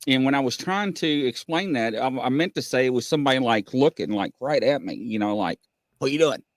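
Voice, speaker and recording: A middle-aged man, hosting a casual live-stream chat and telling stories in an animated way. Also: medium pitch, fairly quick, no echo, clean studio sound. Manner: animated storyteller, acts out voices. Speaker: host.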